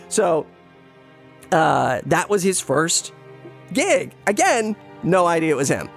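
A man chatting casually and telling an anecdote, rambling with restarts and jumping into quick impressions of other people. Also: on the high side, expressive, creaky, soft background music. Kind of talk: casual storytelling chat.

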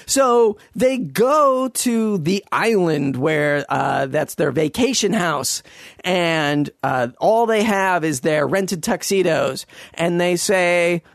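A man rants his way through a casual monologue, sarcastic and profane, circling back on himself as he goes. His voice sits high for a man. The recording is dry, with no room sound. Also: expressive, takes it slowly, gravelly, dry recording.

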